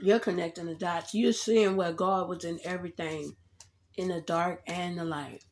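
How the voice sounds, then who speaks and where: A woman giving a casual tarot reading straight to the viewer, animated and slangy, laughing often as she talks. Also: lowish voice, moderate pace, a little hiss or hum. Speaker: tarot reader.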